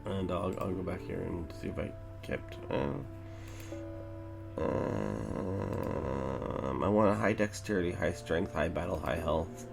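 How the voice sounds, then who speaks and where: A man's voice: low voice, lively intonation, slow, creaky, over music, low-quality recording. A man hosting a let's play, talking through a game in rambling, filler-heavy casual commentary.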